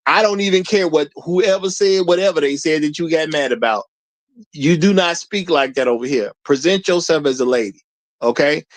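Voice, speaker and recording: A man's voice: a little high, normal speed. A man hosting a livestream, talking bluntly and lecturing his chat in casual commentary. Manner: blunt, preachy, talks straight to the chat. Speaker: livestream host.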